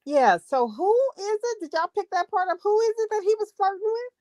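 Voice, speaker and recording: A woman's voice: extremely high pitch, big pitch swings, a little fast, darkish tone, dry recording, clean studio sound. A woman co-hosting a reality TV recap show, joining in with playful back-and-forth remarks. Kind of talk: casual chat.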